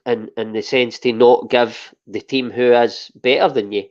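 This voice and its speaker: A man with a Scottish accent co-hosting a casual football podcast, speaking in a measured way with the odd sigh. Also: mid-range voice, fairly even intonation, a little mellow, lo-fi sound. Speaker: podcast co-host.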